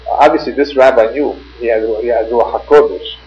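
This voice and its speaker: A man, a rabbi, giving a religious lecture in a measured, phrase-by-phrase storytelling manner. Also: medium pitch, fairly even intonation, darkish tone. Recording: muffled lo-fi tape with faint mains hum.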